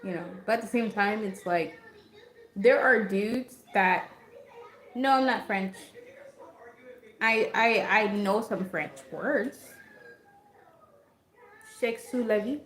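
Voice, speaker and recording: A woman's voice: mid-range voice, slow pace, long pauses, a bit bright. A young woman hosting a livestream, chatting casually with lots of fillers and giggles. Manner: rambling, giggly, many fillers. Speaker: livestream host. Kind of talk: casual chat. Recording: echoey room.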